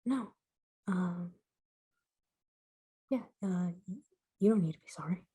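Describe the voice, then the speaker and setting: A woman's voice: fairly low pitch, slow pace, mellow, slightly rough, exaggerated voice. A woman playing a character at the table, answering in a hesitant, self-blaming way. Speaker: player.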